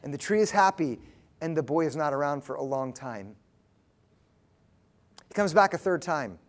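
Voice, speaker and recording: Earnest, high-voiced male preacher. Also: expressive. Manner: earnest storytelling with emphatic pauses. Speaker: pastor. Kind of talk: sermon.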